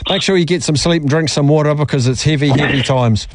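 A man's voice: on the high side, quick pace, no echo. A man hosting sports radio, bantering with a guest and reading out listener texts. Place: radio studio.

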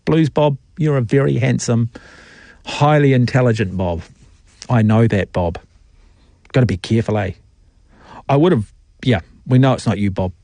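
A man's voice: medium pitch, moderate pace, long pauses, mellow, no room sound. A male sports talkback radio host, teasing listeners and giving strong opinions in a jokey way. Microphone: studio mic.

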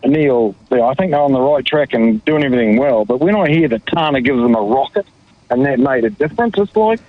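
Husky caller on a dry, muffled line. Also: male voice, medium pitch, brisk, no echo. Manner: exasperated, hesitant then ranting. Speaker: radio caller. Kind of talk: phone-in chat.

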